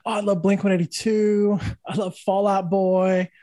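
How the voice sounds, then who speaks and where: A man's voice: high voice, little pitch movement, normal speed, dark tone, no room sound. A man in his thirties, a podcast host and guitar teacher, telling stories in casual conversation, swearing freely and acting out the voices of the people he quotes.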